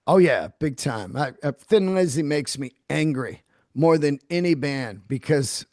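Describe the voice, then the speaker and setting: A man, a comedian from the San Francisco Bay Area, telling profane, animated backstage stories in a casual interview. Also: fairly high pitch, unhurried, no echo, studio quality. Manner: animated, profane storyteller who acts out quotes. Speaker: comedian guest.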